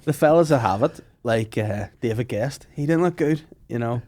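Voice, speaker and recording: A man's voice: mid-range voice, lively intonation, moderate pace, darkish tone, no echo. Brief: man, podcast co-host, blunt sweary banter with frequent laughs. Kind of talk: casual banter.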